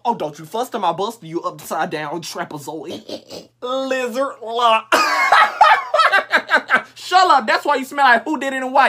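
A man's voice: very high-pitched, pushed and bright. A young man making comedy skits, trading exaggerated, playful insults. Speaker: comedy creator.

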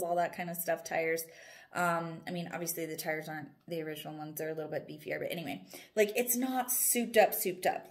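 A young woman vlogging casually, rambling and animated as she tells a story, often breaking into laughter. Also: fairly low pitch. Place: at home, indoors.

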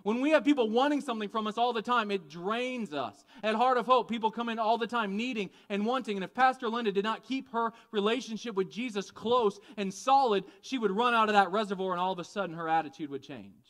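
A man preaching a conversational, animated sermon, often asking the congregation questions. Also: high-pitched, brisk, few pauses. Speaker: pastor.

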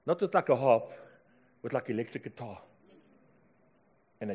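South African pastor preaching a sermon. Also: male voice, medium pitch, animated, moderate pace, husky. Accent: South African English. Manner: storytelling, swinging from hushed to loud exclamations. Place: church.

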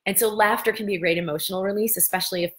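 A middle-aged woman hosting a casual live-stream talk, telling stories with lively gestures of voice and bursts of laughter. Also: medium pitch, racing. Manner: animated storytelling, breaks into laughter. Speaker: host.

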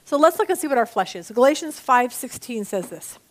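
A woman's voice: sits high, fairly quick. A middle-aged woman leading a Bible study, teaching in a conversational way and acting out her own inner dialogue as she tells stories. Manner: animated storytelling with acted-out inner dialogue.

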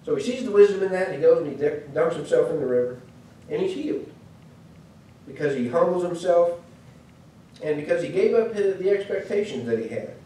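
A man's voice: a little high, lively intonation, fairly quick, pauses often, dark tone, slight background noise. A man with a Midwestern American accent giving a sermon lesson in a chatty storytelling way, full of asides. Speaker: preacher. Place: church hall. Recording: echoey church hall, mic far off.

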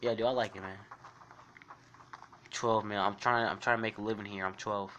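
A man livestreaming a shooter game, rambling and swearing as he reads and answers his chat in a jokey, excitable way. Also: lowish voice, moderate pace, lo-fi sound, background noise. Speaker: game streamer. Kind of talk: casual livestream commentary reading chat. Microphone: phone mic while gaming.

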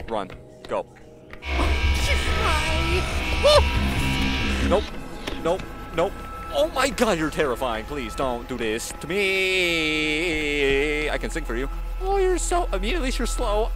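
Jumpy man playing a horror game. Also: medium pitch. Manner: jumpy and panicky, pleading and talking back to the monster. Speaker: gaming channel host. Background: game music.

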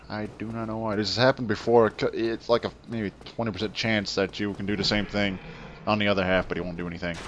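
A man hosting a let's play, giving excitable, taunting, profane gameplay commentary. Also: lowish voice, dull audio, a little hiss or hum.

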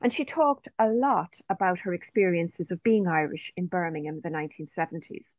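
Giving an online presentation of her interview research, a woman reads participants' quotes out loud in a careful way. She has a lowish, slightly mellow voice and talks a little fast. Captured over a video call, the recording is dry and slightly dull.

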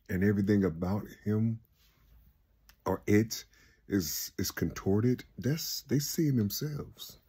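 Husky, low-pitched man, casual spiritual monologue host, rambling, preachy and repetitive. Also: mellow. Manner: rambling and preachy, repeating "you see", building to raised exclamations.

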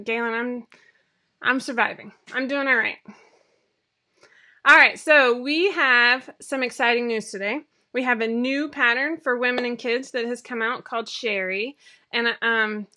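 A woman's voice: fairly high pitch, pushed and bright. A woman in her thirties hosting a casual livestream from home on a webcam, chatty and rambling with lots of fillers and self-deprecating asides. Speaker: sewing pattern designer hosting a weekly live show. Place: home room.

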